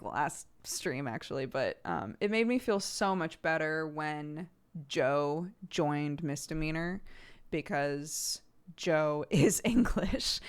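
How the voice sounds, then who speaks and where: A woman's voice: sits low, clean tone. An American woman streamer in a rambling, self-reflective casual chat with her viewers, laughing often.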